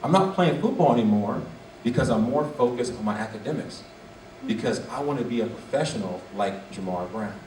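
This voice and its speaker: A man quoting an excited woman friend sharing news over the phone, in an echoey hall from a distant mic. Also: medium pitch, a little fast, a little hiss or hum, lightly acted.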